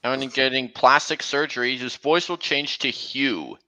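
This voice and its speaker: Slow, halting young man, bright tone. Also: medium pitch, fairly even intonation, low-quality recording. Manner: halting, with frequent restarts. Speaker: livestream host. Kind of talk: casual stream chat.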